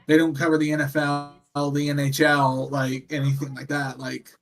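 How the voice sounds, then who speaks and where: Chatty guy co-hosting a wrestling watch-along, higher voice, rambles a lot with tons of fillers. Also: monotone, normal speed, creaky, faint music behind. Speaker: co-host. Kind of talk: casual chat.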